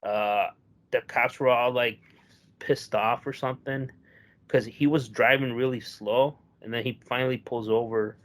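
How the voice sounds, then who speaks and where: A young man co-hosting a casual podcast chat. He tells long, rambling stories laced with swearing and jumps into voices when quoting people. His voice sits at a middling pitch. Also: fairly even intonation, a little slow, a bit bright. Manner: rambling storyteller, profane, acts out quotes. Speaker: podcast co-host.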